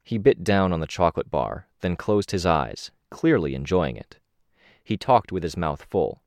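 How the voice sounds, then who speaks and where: A man narrating an audiobook in a steady, expressive reading. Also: low-pitched, moderate pace, no echo.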